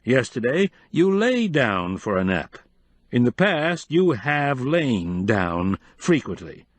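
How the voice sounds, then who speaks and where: A man voicing a prim, grandmotherly female advice columnist with a sugary, slow, schoolmarmish way of speaking. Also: mid-range voice, big pitch swings, no echo.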